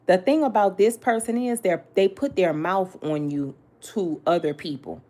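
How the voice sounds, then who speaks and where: A woman's voice: fairly low pitch, moderate pace, darkish tone. Blunt, sassy woman reading tarot. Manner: blunt, sassy, talks straight to the listener with slang and cursing. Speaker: tarot reader.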